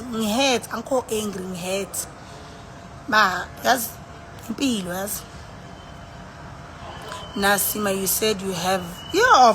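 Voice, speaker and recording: A woman's voice: fairly high pitch, bright, forceful tone, a little hiss or hum. A tipsy woman with a South African accent, rambling and sighing in casual live-stream chat, switching between languages as she talks into her phone. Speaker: livestreamer.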